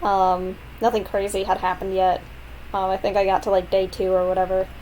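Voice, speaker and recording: Young woman, casual let's-play host, rambly and self-mocking, mid pitch, faint background noise. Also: little pitch movement, a little fast, warm tone, low-quality recording. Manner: rambling, self-deprecating asides. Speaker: gaming video creator. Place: home, late at night.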